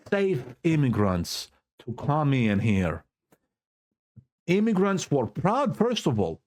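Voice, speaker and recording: A man's voice: medium pitch, a little mellow. A man giving opinionated political commentary on his own channel, stressing points by repeating key words.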